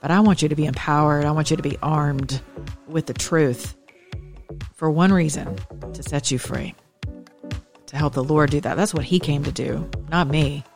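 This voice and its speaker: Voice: medium pitch, steady tone, normal speed, pauses often, over music. A talk radio host delivering an emphatic, scornful opinion monologue on a close studio mic. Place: Atlanta area.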